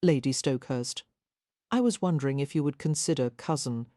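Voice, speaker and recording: A woman voicing a polite, hesitant gentleman who admires the heroine, in an audiobook. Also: rumbling low, brisk, no echo, studio quality. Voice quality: hesitant, courteous.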